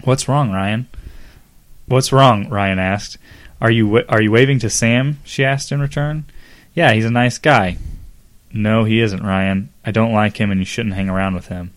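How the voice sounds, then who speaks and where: Man, low voice, comedic dramatic reading, podcast host, acts out dialogue. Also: fairly even intonation, measured pace. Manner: reads dramatically, breaks into laughter and asides. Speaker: podcast host reading fan fiction aloud.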